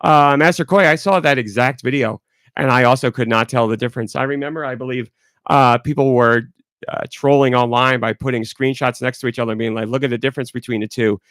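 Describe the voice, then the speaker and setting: A man's voice: medium pitch, steady tone, brisk, fairly bright tone, no echo, studio quality. A man hosting a podcast alone, congested and talking in a rambling, candid way. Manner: rambling, candid, talks through it. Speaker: podcast host. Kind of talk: casual solo podcast talk.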